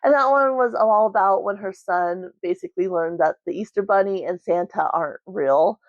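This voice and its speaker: A woman's voice: mid-range voice, normal speed, dry recording. A woman vlogger chatting casually about a book at home, rambling with lots of "like" and "um". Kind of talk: casual book review chat. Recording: dry, slightly muffled recording.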